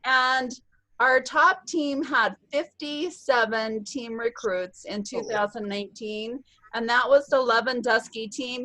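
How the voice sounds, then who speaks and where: A woman's voice: on the high side, slow, sharp tone, rough recording. A woman leading a virtual sales-team meeting over a video call, bubbly and upbeat, cheering often. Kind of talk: upbeat online meeting announcements.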